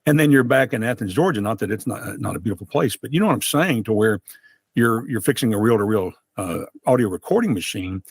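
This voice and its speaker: A man hosting an interview podcast, speaking in a slow, reflective and encouraging way. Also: fairly low pitch, expressive, vocal fry, husky, no echo, studio quality. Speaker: podcast host. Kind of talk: casual interview chat.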